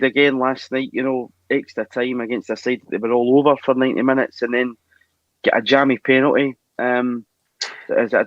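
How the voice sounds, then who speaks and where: Calm man on a dull, dry remote mic. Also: medium pitch, dry recording. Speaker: podcast co-host. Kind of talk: casual football chat.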